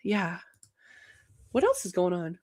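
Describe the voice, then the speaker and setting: A young woman hosting a casual livestream show, talking fast and energetically with many fillers. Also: lowish voice, huge pitch swings, a little mellow. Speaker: host of a banking livestream show.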